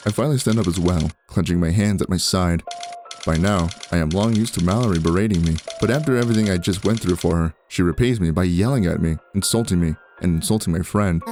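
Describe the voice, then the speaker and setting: Low-voiced man narrating a game. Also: quick pace. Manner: steady first-person narration. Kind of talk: reading a visual novel aloud. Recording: background music.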